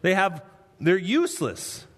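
A man preaching an expository sermon, earnest and emphatic, with dramatic pauses. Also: sits high, huge pitch swings, a bit bright, long reverb tail. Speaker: pastor.

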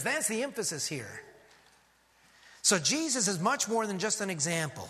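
A man preaching a sermon as pastor, emphatic and rhythmic, dropping to a hush on key words. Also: high-pitched, very animated, normal speed, in a large hall.

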